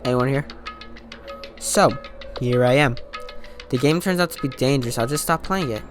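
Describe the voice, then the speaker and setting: Man gaming, casual slangy reactions, mid pitch, game music behind. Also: normal speed. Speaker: gamer reading and reacting. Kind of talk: let's play commentary with read dialogue.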